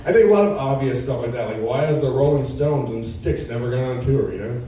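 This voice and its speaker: A man in his thirties doing a stand-up comedy set with a laid-back, deadpan delivery at a comedy club. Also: medium pitch, a little fast, heavy reverb, far from the mic, background noise. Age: 30s. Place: comedy club with a live audience.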